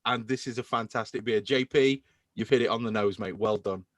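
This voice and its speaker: A man's voice: lowish voice, fairly quick, no room sound. A man hosting a podcast in casual chat, enthusing about beer. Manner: enthusiastic, animated beer talk. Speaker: podcast host.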